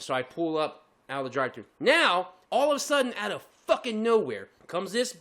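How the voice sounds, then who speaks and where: A man's voice: sits high, fairly quick, hardly any pauses. A man co-hosting a podcast, telling a long story in casual chat, swearing often and acting out the other people's voices. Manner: profane, animated, acts out voices in his story. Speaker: podcast co-host.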